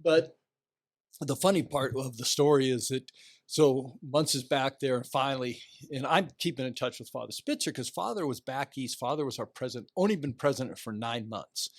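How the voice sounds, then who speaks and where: Older man telling lively stories, dry studio sound. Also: mid-range voice, no echo. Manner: animated anecdotes, acts out quoted voices. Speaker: guest, retiring athletic director. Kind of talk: casual storytelling interview.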